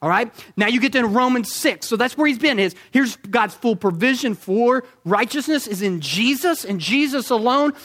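A man preaching a sermon, emphatic, asking rhetorical questions and slowing down to stress key points. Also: extremely high pitch, expressive, a bit bright.

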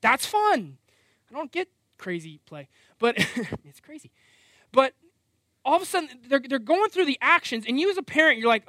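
A man's voice: very high voice, moderate pace, no room sound, studio quality. A middle-aged man preaching a sermon, conversational and self-deprecating, often acting out voices. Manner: animated, acts out quoted voices.

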